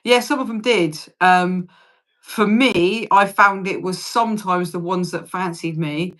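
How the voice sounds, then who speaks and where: A woman's voice: fairly low pitch, measured pace, a bit bright. Chatty British woman in her forties. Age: 40s. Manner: chatty, laughs often, swears casually. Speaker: livestream host. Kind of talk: casual livestream chat.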